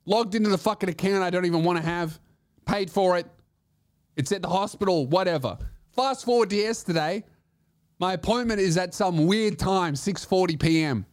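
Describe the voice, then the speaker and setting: A man's voice: sits high, normal speed. A man giving a comedic podcast monologue as host, ranting sarcastically and swearing freely.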